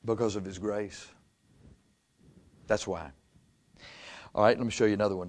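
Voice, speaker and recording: A man's voice: on the low side, steady tone, normal speed, long pauses, darkish tone. A male pastor preaching a sermon in a conversational way. He chuckles often and reads scripture aloud.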